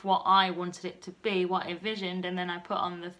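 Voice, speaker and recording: A woman in her twenties, talking softly and a bit nervously in a personal vlog. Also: fairly low pitch, flat delivery, fairly quick. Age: 20s. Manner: soft-spoken and nervous, often hushed. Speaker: vlogger.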